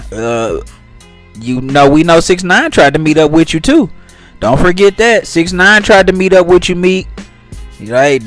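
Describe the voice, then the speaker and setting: A man's voice: high-pitched, no room sound. Man ranting over faint music. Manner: talks straight to viewers, reads tweets aloud and mocks them. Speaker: commentary channel host. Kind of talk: casual commentary vlog.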